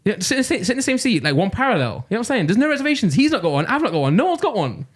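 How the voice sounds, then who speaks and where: Quick-talking midlands guy on a podcast, kinda high voice, gets worked up telling stories. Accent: English Midlands. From Nottingham, England. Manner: animated, exasperated storytelling. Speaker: podcast co-host. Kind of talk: casual podcast chat.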